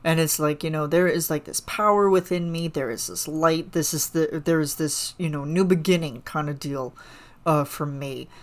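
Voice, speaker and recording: A woman's voice: low-pitched, moderate pace. A woman hosting a solo podcast, gushing about a song in a rambling, casual way full of fillers. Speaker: podcast host reacting to a song.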